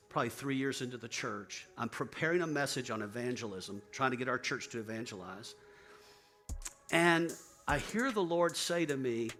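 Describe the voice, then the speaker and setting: A man's voice: mid-range voice, bright, forceful tone. A middle-aged male pastor telling a sermon story, acting out the dialogue with rising intensity.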